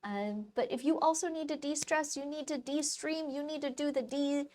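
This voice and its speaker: A woman with a high, light voice chats with her live-stream viewers as she paints. Her talk is soft, relaxed and casual, full of little asides. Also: normal speed. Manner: soft-spoken, chatty, relaxed. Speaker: live-stream artist host.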